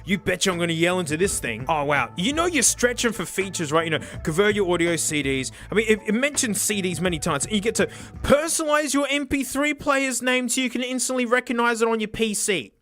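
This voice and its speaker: Bright, sarcastic man. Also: high voice, a little fast. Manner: sarcastic, animated, bursts into shouts and laughs. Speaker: tech reviewer. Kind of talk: comedic unboxing review.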